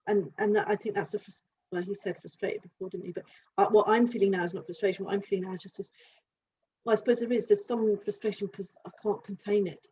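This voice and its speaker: A woman working as an animal communicator, giving a live reading and thinking aloud in halting, searching phrases. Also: mid-range voice, mellow, husky. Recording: dull lo-fi sound with faint hiss.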